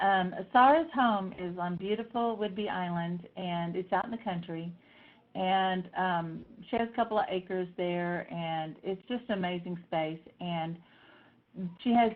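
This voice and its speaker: A middle-aged woman telling personal stories in a lively way, acting out the voices of the people she quotes. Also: fairly low pitch. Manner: animated, acts out voices in quotes. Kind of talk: personal storytelling talk. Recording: tinny phone-like sound.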